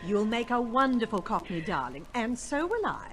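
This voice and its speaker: A gushy posh mum, darling this darling that, swoopy high voice. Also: female voice, sing-song, normal speed, fairly bright tone, a little hiss or hum. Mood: gushing. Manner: gushing, says darling a lot. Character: gushing upper-class wife and mother. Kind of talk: 1950s radio play acting.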